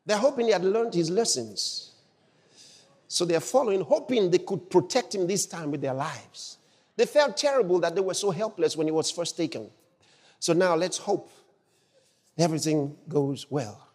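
Exuberant shouting preacher in a reverberant hall. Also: male voice, high voice. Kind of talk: sermon.

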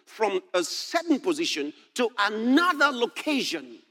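High, lively preacher swinging to shouts. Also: male voice, measured pace. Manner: swings from quiet musing to loud shouted proclamation. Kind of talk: sermon, reading and expounding scripture.

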